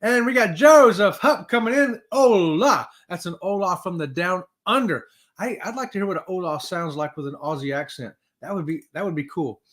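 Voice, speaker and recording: A man's voice: high-pitched, normal speed, a bit bright. A man hosting a casual livestream, upbeat, reading viewer comments aloud and laughing often. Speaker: livestream host.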